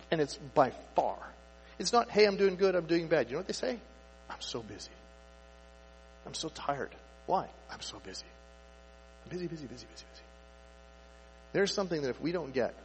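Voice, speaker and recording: Conversational male preacher in an echoey hall. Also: on the high side. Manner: conversational, asks rhetorical questions, acts out inner thoughts. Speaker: pastor. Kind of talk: sermon. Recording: echoey hall with faint mains hum. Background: faint mains hum.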